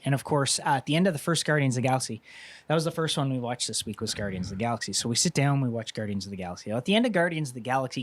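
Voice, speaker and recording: Chatty man telling a rambling story. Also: dry recording. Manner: rambling storyteller, acts out quotes in a higher voice. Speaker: podcast co-host. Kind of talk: casual chat.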